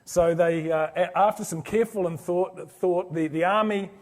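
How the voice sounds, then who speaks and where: A man presents a motivational business talk to a live audience of orthodontics professionals, his voice sitting high and his pace moderate. He recounts a story in an earnest, anecdotal manner, with many restarts.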